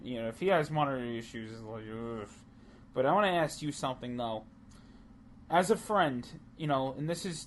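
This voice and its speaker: A man's voice: medium pitch, a little hiss or hum. A man co-hosting a casual wrestling podcast, talking heatedly and profanely, rambling with many restarts. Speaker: podcast co-host. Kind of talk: casual chat.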